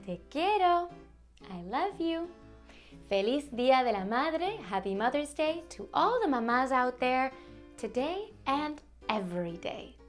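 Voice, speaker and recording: High-voiced lady doing a toddler spanish lesson, super slow and sing-songy. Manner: slow, exaggerated sounding-out of Spanish words. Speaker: children's Spanish teacher.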